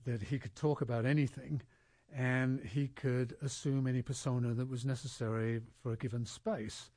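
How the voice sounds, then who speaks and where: A man's voice: medium pitch, fairly even intonation, moderate pace, a little mellow, dry recording. A man hosting a casual radio talk show with guests, speaking thoughtfully with many fillers and restarts. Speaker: radio host.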